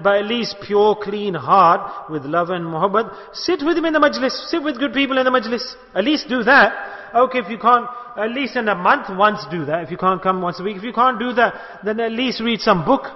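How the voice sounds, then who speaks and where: A high-pitched middle-aged man from the UK preaches a sermon, acting out quoted lines and urging his listeners on. His voice trails off in a long hall reverb, and the recording sounds dull and lo-fi. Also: normal speed. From United Kingdom. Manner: storytelling, acts out quoted speech, exhorting. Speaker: Sufi sheikh giving a talk.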